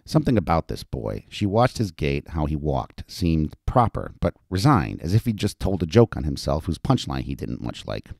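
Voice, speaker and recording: A man narrating an audiobook in an expressive storytelling manner. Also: a bass voice, normal speed, vocal fry, hardly any pauses, no echo, studio quality. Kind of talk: scripted narration.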